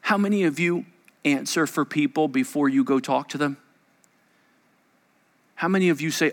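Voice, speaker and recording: Male pastor, high bright voice, emphatic sermon in an echoey church hall. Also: moderate pace, pauses often. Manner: emphatic, repetitive, swings between loud and hushed.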